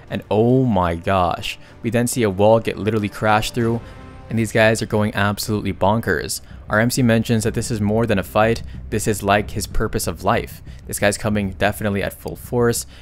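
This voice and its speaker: A man's voice: lowish voice, slight background noise. Chatty young man recapping a comic. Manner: chatty, excitable, slangy asides. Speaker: manhwa recap narrator. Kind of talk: casual recap narration.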